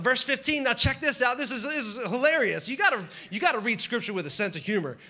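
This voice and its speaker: A man's voice: extremely high pitch, animated, fast, few pauses, sharp tone. A man preaching a sermon as pastor, conversational and humorous, acting out the scenes he tells.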